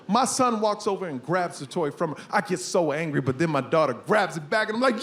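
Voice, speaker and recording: High-voiced man doing stand-up. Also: brisk, a crowd in the background. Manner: animated storytelling, loud outbursts for punchlines. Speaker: stand-up comedian. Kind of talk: stand-up comedy routine. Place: comedy stage before a live audience. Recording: live stage recording with audience noise.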